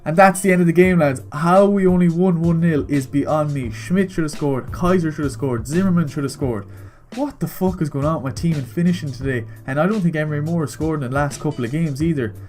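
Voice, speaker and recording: A young man giving casual, excitable commentary on his own football video game, cheering, groaning and swearing at the action. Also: on the high side, fairly quick. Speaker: gaming YouTuber.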